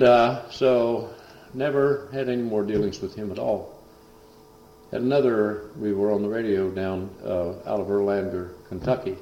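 A man's voice: fairly low pitch, warm tone, a little hiss or hum. A man, a preacher telling a story in a folksy, rambling way. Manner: folksy, rambling, lots of uh fillers. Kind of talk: storytelling testimony. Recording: echoey dull lo-fi recording.

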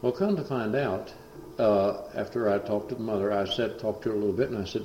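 A man's voice: lowish voice, brisk, a little mellow, a little hiss or hum. A man, a preacher telling a story in a folksy, rambling way. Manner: folksy, rambling, lots of uh fillers. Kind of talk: storytelling testimony. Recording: echoey dull lo-fi recording.

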